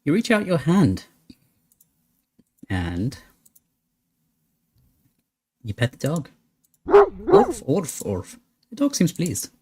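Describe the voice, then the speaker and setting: A man hosting a gaming video, playfully reading a horror game's text aloud between jokey asides. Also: mid-range voice. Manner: playful, reads narration dramatically with laughs and asides. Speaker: gaming channel host. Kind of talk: let's play commentary reading game text aloud.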